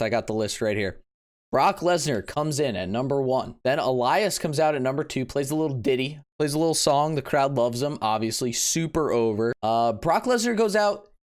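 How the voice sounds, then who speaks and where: Excitable guy recapping a wrestling show. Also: smooth. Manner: excitable, swings between low mumbles and sudden yelps. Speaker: wrestling vlogger. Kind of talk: casual event recap.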